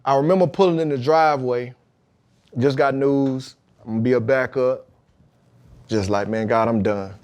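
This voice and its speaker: A pro football player, appearing as a podcast guest, tells his story of faith and football in a lively, emphatic manner, acting out quotes as he goes. His voice is mid-range at a normal speed, with long pauses.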